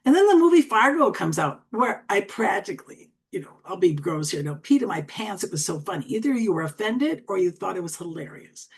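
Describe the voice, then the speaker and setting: This is a woman in her sixties, originally from Wisconsin, with an Upper Midwest American accent. She speaks quickly and chattily as she runs an online training, with a folksy, friendly delivery. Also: fairly low pitch, expressive, breathy edge. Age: 60s. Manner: chatty, fast-talking and folksy. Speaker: LinkedIn coach.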